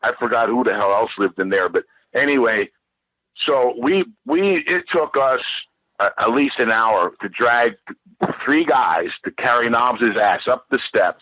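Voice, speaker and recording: A man with a forceful, tense voice tells a rambling story full of swearing and emphatic restarts. The sound is dry and close, with a dull, lo-fi tone. His pitch sits in the middle range for a man. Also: no echo. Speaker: podcast guest. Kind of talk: animated storytelling.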